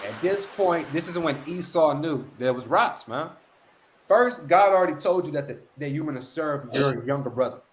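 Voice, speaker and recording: A man's voice: fairly high pitch, lively intonation, normal speed, a little hiss or hum. A man leading a street-style scripture lesson, emphatic and slangy, with repeated catchphrases. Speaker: lead street teacher.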